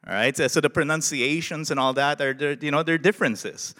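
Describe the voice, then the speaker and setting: Man, Filipino English accent, pastor, sermon, animated, fairly high pitch, long hall reverb. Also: a little fast. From Philippines. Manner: animated, asks the listeners questions.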